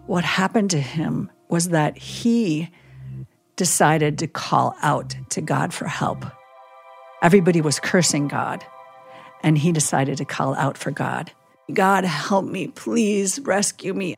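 A woman chaplain telling a vivid story in a casual podcast chat, animated and full of "like" and "you know". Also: low-pitched, gravelly, slightly rough.

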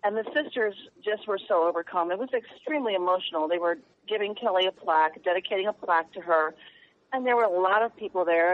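Earnest halting woman journalist, guest on a radio show, phone-line sound. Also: medium pitch. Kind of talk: emotional radio interview.

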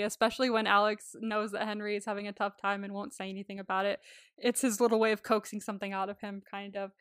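A young woman co-hosts a podcast in casual chat, laughing often and swearing freely as she gushes. Her mid-range voice is fairly bright, clear and resonant, captured in a dry recording with clean studio sound.

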